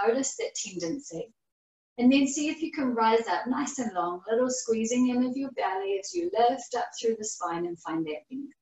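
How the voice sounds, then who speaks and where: Calm yoga teacher woman in a roomy space. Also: fairly high pitch. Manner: slow, calm breathing cues with long pauses. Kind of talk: guided yoga class. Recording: roomy echo, voice far from the mic.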